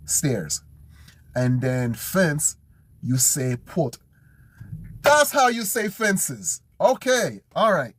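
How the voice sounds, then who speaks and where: A man learning Polish, thinking aloud and slowly repeating words to memorize them. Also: mid-range voice, husky. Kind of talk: casual self-study vlog.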